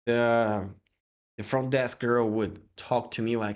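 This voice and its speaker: A man's voice: medium pitch, slow. A young Brazilian man with a Brazilian Portuguese accent, a guest chatting casually in English and acting out voices in his stories. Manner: animated storyteller who acts out quoted voices. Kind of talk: casual interview chat in English.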